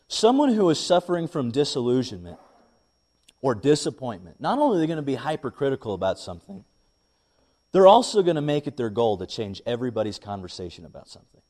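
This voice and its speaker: A young man, a pastor, preaching a sermon and telling a lively personal story. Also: mid-range voice. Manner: animated storytelling, rising when excited.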